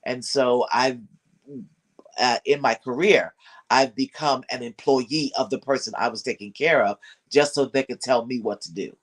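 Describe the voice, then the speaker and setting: Man, caregiver, panel talk, calm, explanatory, fillers, medium pitch.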